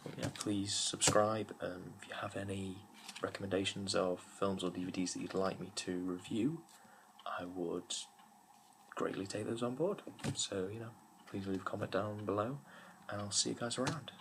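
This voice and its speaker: Give me a young man with a deep, gravelly voice casually reviewing films. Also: steady tone, moderate pace, noisy background. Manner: rambling, many fillers and restarts. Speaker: YouTube film reviewer. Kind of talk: casual film review talk.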